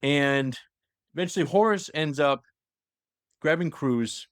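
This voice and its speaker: A man's voice: on the high side, slow pace, no echo, studio quality. A man hosting a podcast, casually retelling a story in a rambling way, with lots of "like" and restarts. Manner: rambling storyteller, heavy use of "like", many restarts. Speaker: podcast host. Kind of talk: casual lore recap chat.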